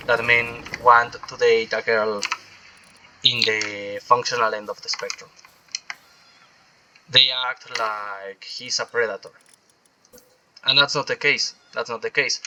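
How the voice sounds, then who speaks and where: A gaming streamer with a medium-pitched voice gives rambling, opinionated commentary as he plays a video game. He often restarts his sentences, and there is noise in the background.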